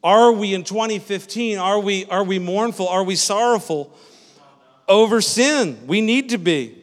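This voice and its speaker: In a reverberant church sanctuary, a pastor preaches a sermon in a high voice at a measured pace. His style is conversational: he doubles back on phrases, restarts them, and keeps checking in with the congregation by asking "Amen?"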